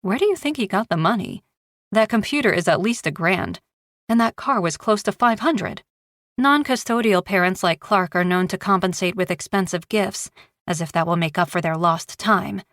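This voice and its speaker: A woman's voice: mid-range voice, moderate pace, a bit bright, dry recording, studio quality, natural voice. A woman voicing a direct, probing woman homicide detective in a thriller audiobook.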